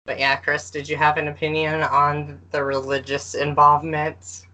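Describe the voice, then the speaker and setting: A woman's voice: low voice, flat delivery, normal speed, bright, forceful tone, rough recording. A woman co-hosting a podcast in casual chat, rambling and poking fun at herself. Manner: self-deprecating, rambling. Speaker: podcast co-host.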